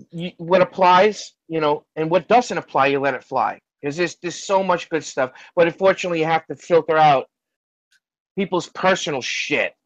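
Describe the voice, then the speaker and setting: A man's voice: sits high, dry recording. A man rambling in a loose, casual chat on a video call, swearing freely. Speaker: hangout participant. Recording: dull lo-fi sound in a dry space.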